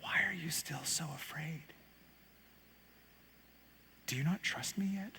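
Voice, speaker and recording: A man voicing a calm teacher who speaks in a hushed whisper, as whispered role-play. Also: on the high side, slow, slight background noise, voice pushed down, full character voice. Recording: long hall reverb.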